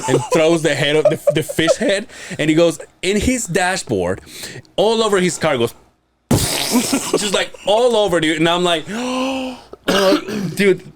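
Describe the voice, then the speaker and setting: A man casually telling stories on a podcast, swearing and mimicking other people's voices. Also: slight background noise. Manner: animated, mimics others with high-pitched voices, swears often. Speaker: podcast host. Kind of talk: casual storytelling chat.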